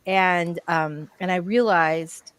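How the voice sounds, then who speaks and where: A woman's voice: fairly low pitch, slow pace, smooth, no echo. A woman co-hosting a casual writing livestream, bubbly and chatty with lots of enthusiasm.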